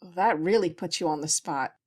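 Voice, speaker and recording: A woman's voice: on the low side, moderate pace, a little mellow, husky. A woman reading the lines of a dutiful chief nurse who speaks earnestly and respectfully.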